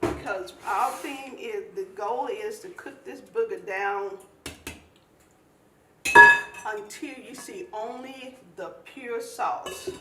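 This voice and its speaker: A home cook from eastern North Carolina walks through a recipe in a folksy, instructive cooking demonstration. Her voice is a little high and her pace slow. The kitchen is echoey, the mic sits at a distance, and there's heavy background noise.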